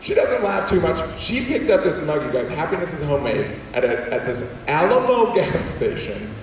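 A man, a comedian and former teacher, telling humorous stories to an audience in an animated, self-deprecating way and acting out quotes. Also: a little high, moderate pace, slight background noise. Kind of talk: humorous storytelling talk to an audience. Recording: echoey hall heard from far off.

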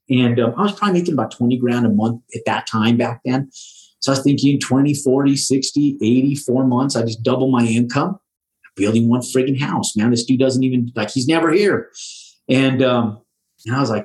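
A man's voice: mid-range voice, a little fast, a little mellow, poor audio. A middle-aged man, a home builder, telling stories in a casual podcast chat, slangy and swearing freely, with loose restarts. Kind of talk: casual storytelling.

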